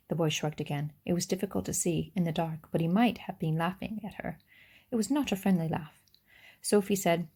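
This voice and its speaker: Low, gravelly woman reading a story aloud. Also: a little fast, warm tone. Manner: unpolished reading with small slips and restarts. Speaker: reader. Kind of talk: reading a children's novel aloud.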